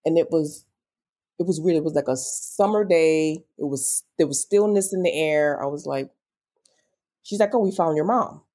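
A woman's voice: low-pitched, moderate pace. A young adult woman as an interview guest, telling a personal story with feeling and acting out quoted dialogue. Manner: emotional, animated retelling with quoted dialogue.

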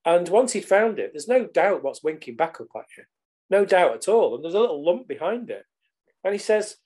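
Middle-aged man, podcast guest, lively and casual, slightly high pitch. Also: a little fast. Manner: animated, casual swearing. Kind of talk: storytelling in conversation.

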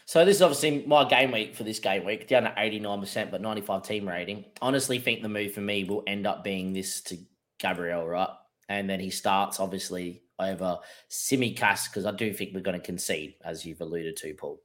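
A man's voice: deep voice, fairly quick. A man co-hosting a fantasy football show, working through his options aloud in casual chat. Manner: thinks aloud through options, with frequent fillers. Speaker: podcast co-host.

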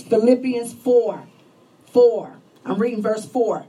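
A woman's voice: mid-range voice, measured pace, warm tone, recorded from a distance, low-quality recording. A woman preacher delivering a fervent, repetitive sermon, exhorting listeners with restarts and rising emphasis. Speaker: lay preacher, host of a ministry show.

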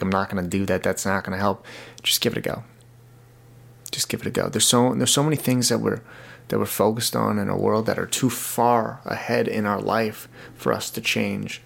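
A man's voice: mid-range voice, gravelly. A young man hosting his own podcast in a casual, rambling, earnest way, often repeating words as he talks. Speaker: podcast host. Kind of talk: casual solo podcast talk.

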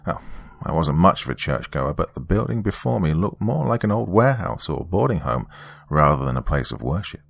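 Deep gravelly male storyteller. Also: very animated, dry recording. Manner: measured, descriptive, ominous. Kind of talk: scripted first-person horror story narration.

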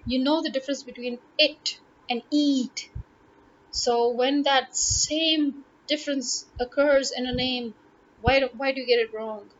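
Exasperated woman firing rhetorical questions. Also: a little high. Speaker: author talking to her readers. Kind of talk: casual monologue. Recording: dull lo-fi with faint noise.

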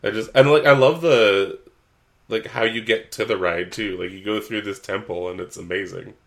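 A man's voice: on the low side, normal speed, vocal fry, a bit bright. A man co-hosting a podcast, chatting casually and rambling, with frequent swearing. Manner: laid-back, swears freely, rambling. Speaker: podcast co-host. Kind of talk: casual chat.

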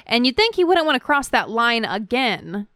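Casting: wry female podcast co-host, smooth voice, dry close sound. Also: fairly high pitch, very animated, moderate pace, bright, forceful tone, no room sound. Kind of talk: political commentary chat.

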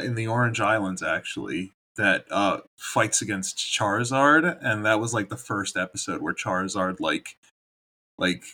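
Laid-back man co-hosting a chatty podcast. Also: lowish voice. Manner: relaxed, rambling, laughs often. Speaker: podcast co-host. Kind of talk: casual chat.

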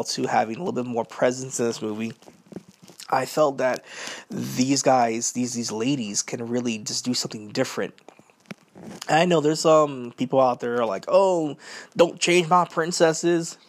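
A man with a gravelly, creaky voice at a middling pitch talks through a film in a loose, unscripted way. He hosts a podcast and wanders between points with plenty of ums and repeated phrases. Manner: rambling, with many fillers and repeated "as well, too". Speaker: podcast host reviewing films. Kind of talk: casual spoken movie review.

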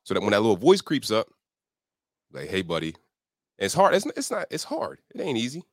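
On a podcast, a man who works as an accountability coach speaks fast in a sing-song, slightly mellow voice, emphatic and motivational. He acts out his inner voice with jumps in pitch. The studio podcast mic gives a clean, dry sound with no room.

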